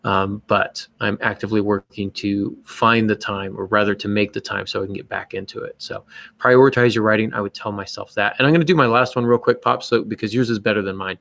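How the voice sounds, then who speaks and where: A man's voice: on the low side, steady tone, brisk, vocal fry, few pauses, fairly bright tone, no echo. A man co-hosting a podcast, talking in an earnest, self-deprecating way with many fillers. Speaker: podcast co-host. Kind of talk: casual podcast chat giving writing advice.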